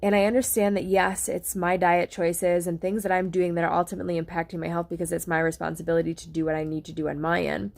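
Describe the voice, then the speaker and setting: A woman's voice: on the low side, little pitch movement, fast talker, creaky, few pauses. A woman talking to the camera at home in a casual, rambling way, with many fillers and restarts. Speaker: vlogger sharing a health experience. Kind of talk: casual personal talk to camera. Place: at home, on a couch.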